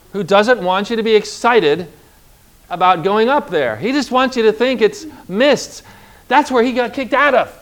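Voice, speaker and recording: A man preaching a sermon with emphatic delivery, stretching out key words and calling on the congregation to repeat phrases. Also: sits high.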